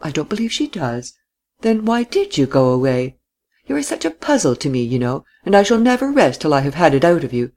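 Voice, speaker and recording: A man reading a story and voicing a lively young widow who teases and laughs in high, distinct tones. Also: a little fast. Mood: prying. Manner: bright, high, mocking tone.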